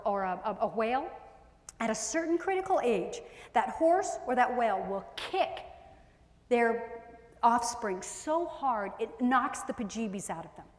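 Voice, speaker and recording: High-voiced woman speaking in an echoey hall. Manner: animated, acts out parents' and children's voices. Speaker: parenting speaker. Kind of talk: live seminar talk to an audience. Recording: echoey hall with long reverb.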